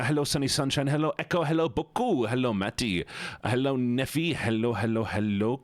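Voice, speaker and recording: A man's voice: medium pitch, fairly quick, no room sound, clean studio sound. A man streaming live, playfully greeting his chat one by one with sing-song hellos. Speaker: livestreamer. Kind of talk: casual livestream chat.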